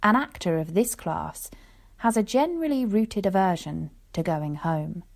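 Woman reading an old story, lowish voice. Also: animated, measured pace, creaky. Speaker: audiobook narrator. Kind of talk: scripted narration.

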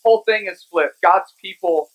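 A pastor delivering a sermon in a relaxed, conversational way. He retells the scripture story in everyday speech, checking in with "right?" as he goes. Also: medium pitch, moderate pace, phone-quality sound. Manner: casual, conversational, lively retelling.

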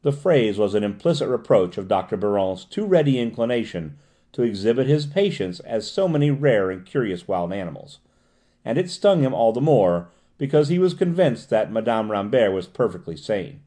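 Mellow-voiced male audiobook narrator. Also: lowish voice, sing-song, normal speed. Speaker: audiobook reader. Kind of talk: scripted narration.

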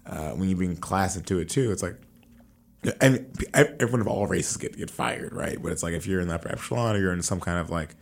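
Lower-voiced man giving his take. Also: fast talker, gravelly. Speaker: podcast co-host. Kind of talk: casual chat.

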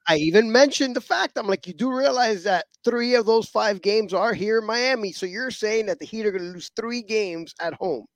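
High-voiced gloating man co-host. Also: normal speed, hardly any pauses, dry recording. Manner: boastful, gloating, animated. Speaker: regular co-host. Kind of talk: casual talk show banter.

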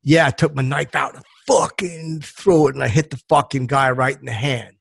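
A man playing a gravelly crude tough guy. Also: mid-range voice, moderate pace. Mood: cocky. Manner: cocky, swearing, talks up his own ideas. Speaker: podcast co-host. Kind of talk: comedic character improv.

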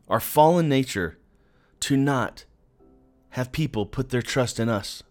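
A man's voice: mid-range voice, animated, measured pace, darkish tone, soft background music. A man giving an earnest, conversational devotional talk, speaking directly to the listener.

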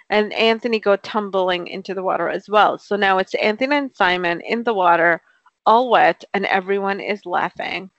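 A woman's voice: mid-range voice, fairly bright tone, no echo. Woman recapping a show in casual chat, kinda lo-fi dull sound. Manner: chatty retelling with quoted lines. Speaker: podcast co-host recapping a show.

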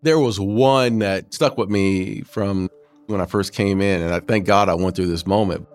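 A man in his fifties, a former pro football player, telling stories from his career in an animated way and acting out what others said. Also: sits low, normal speed, soft background music. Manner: animated storyteller who acts out quotes, peppered with "man". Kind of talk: storytelling interview.

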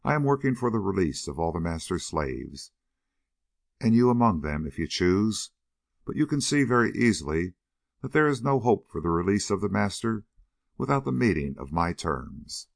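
A man reading aloud gives voice to a hard, cold-nerved adventurer who barks short, icy orders. The voice sits very low with a gravelly edge, yet swings widely in pitch. The sound is dry and close. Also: very animated, moderate pace, no room sound, full character voice. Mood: politely firm. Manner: curt, cold commands.

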